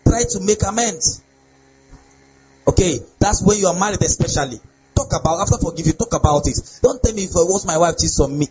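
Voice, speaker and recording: A young male pastor with a high voice preaches in an animated way and keeps checking that his listeners follow him. The sound is dull and lo-fi, with faint ambience behind him. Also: a little hiss or hum. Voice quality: animated preaching with laughs and repeated rhetorical questions. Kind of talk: sermon on relationships.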